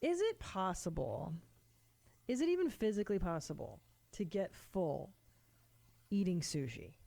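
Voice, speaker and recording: A woman's voice: fairly low pitch, big pitch swings, measured pace, vocal fry, dark tone. A woman co-hosting a podcast, talking in blunt, teasing, profane casual chat. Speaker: podcast co-host.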